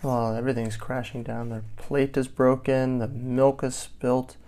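A father reading a picture book aloud to his child, gently stopping to explain the story and answer questions. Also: mid-range voice, little pitch movement, measured pace.

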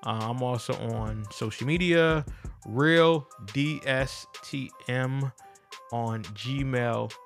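A man's voice: mid-range voice, fairly bright tone. A man hosting his own podcast, talking in an earnest, casual motivational monologue and repeating phrases for emphasis. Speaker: podcast host.

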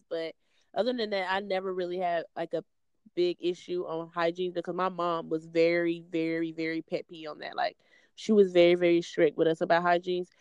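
A woman's voice: on the low side, darkish tone, clean tone, no echo, dull audio. A young woman, chatting casually on a podcast with playful asides. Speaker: podcast co-host.

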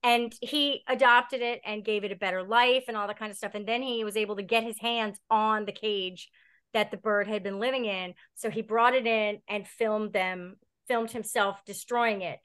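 A woman with a medium-pitched, fairly even voice talks at a normal speed, her tone clear, resonant and a bit bright. She's a bird owner appearing as a guest on a podcast, spinning long stories in a chatty, casual way.

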